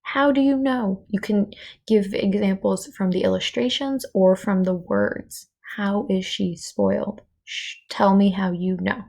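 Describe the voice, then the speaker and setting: A woman's voice: medium pitch, measured pace, creaky. A woman teacher reading a chapter book aloud to children, stopping to comment expressively and ask them questions. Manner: expressive, stops to comment and quiz.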